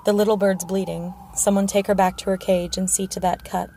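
A woman reading the part of a gruff, scarred male warrior who speaks curtly. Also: medium pitch, level tone, a little fast, warm tone, slight background noise, natural voice. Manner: gruff, curt.

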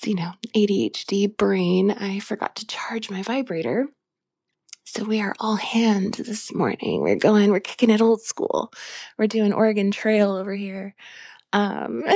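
Breathy, sleepy high-voiced woman whispering. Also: no room sound. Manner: soft whispering with sighs and breathy moans. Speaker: audio creator. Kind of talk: whispered role-play.

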